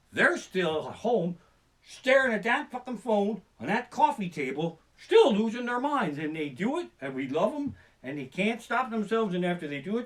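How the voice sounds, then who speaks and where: Fast-talking, animated, profane male comedian. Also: sits high. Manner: profane, fast-talking, mimics panicked voices. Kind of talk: stand-up storytelling rant. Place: living room. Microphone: basic home streaming setup.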